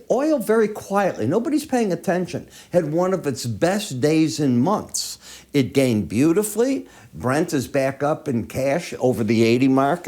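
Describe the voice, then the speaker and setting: A man's voice: mid-range voice, darkish tone. A man with allergy sniffles giving conversational chart-by-chart market commentary, asking the viewer rhetorical questions.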